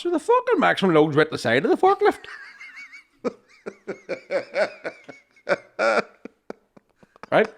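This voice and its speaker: Swearing Irish man with lively pitch. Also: takes it slowly, creaky, long pauses. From Ireland. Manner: swears constantly, keeps asking "right?", acts out quoted voices. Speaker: podcast co-host telling a story. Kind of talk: casual storytelling chat.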